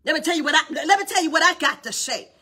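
A woman's voice: high voice, animated, quick pace, pushed and bright. A woman preaching a morning devotional in a fiery, colloquial style, acting out the people in the story. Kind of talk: sermon.

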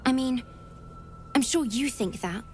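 An actress voicing a scrappy, streetwise young tiefling girl who talks in rough folksy grammar, from a game. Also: high voice, a little slow, a little mellow. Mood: pleading. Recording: game audio with music behind.

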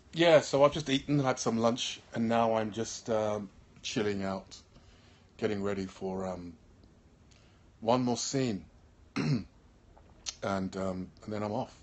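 Tired man from Birmingham, actor, relaxed live-stream chat through a handheld phone, throat-clearing, trailing ums. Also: mid-range voice, slow pace, long pauses. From Birmingham, England. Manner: laid-back, keeps clearing his throat, trails off with ums. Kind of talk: casual live-stream chat, reading viewer comments. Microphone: phone held in hand.

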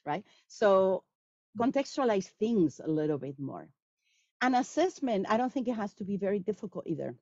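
Lively woman lecturer, slightly lo-fi. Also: mid-range voice, dry recording. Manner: animated, acts out quoted students. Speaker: guest speaker on language teaching. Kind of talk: lecture Q&A answer. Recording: dull lo-fi sound.

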